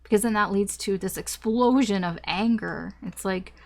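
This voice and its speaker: A young woman gives a casual tarot reading in a loose, rambling way. She thinks aloud with plenty of fillers and the odd mild swear word. Her voice sits at an ordinary middle pitch for a woman. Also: normal speed, hardly any pauses. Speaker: tarot reader.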